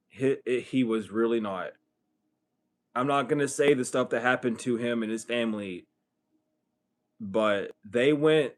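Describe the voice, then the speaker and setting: A young man hosts a late-night livestream in a loose, unscripted monologue. He talks bluntly and swears freely, and his voice sits at an ordinary middle pitch. He often climbs into loud, heated bursts. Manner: blunt, profane, rising to heated outbursts. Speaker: livestream host.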